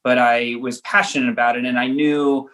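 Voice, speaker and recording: A man's voice: medium pitch, little pitch movement, normal speed, fairly bright tone. A man from Los Angeles talks through his answers in a conversational interview. He often stops and restarts while he thinks aloud. He tells his stories with a self-deprecating touch. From Los Angeles, United States. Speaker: writer-director guest.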